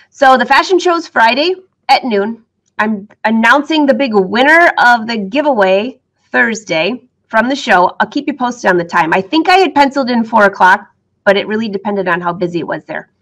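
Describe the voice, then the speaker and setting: Middle-aged sewing lady chatting away to viewers, upbeat, bit of a high voice, laughs a lot, got the hiccups. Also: expressive, normal speed, fairly bright tone. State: has the hiccups. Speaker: sewing teacher and vlogger. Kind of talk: casual chat to viewers.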